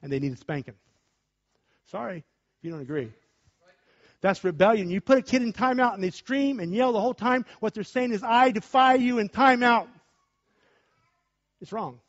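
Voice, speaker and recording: A man preaching with passion, swinging from shouts to quiet talk. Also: high-pitched, lively intonation, a little fast, long pauses. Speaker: pastor. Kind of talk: preaching sermon with discussion. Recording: dull lo-fi recording.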